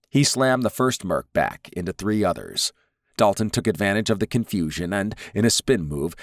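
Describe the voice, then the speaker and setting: Man, audiobook narrator, very deep voice, measured reading, dry close recording. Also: dry recording. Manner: measured, even storytelling. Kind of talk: scripted narration.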